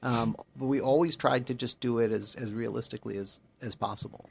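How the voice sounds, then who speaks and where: A man co-hosts a relaxed conversation in a rough, gravelly voice with a breathy, husky edge. He talks reflectively and works through his ideas aloud, with frequent restarts. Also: medium pitch, fairly quick. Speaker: podcast co-host, former spy. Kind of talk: casual conversation.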